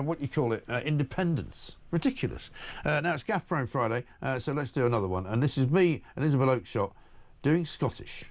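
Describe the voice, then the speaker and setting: A man's voice: medium pitch, a little mellow, slight background noise. A man hosting breakfast talk radio, blunt, sarcastic and indignant about the news. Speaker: radio talk show host.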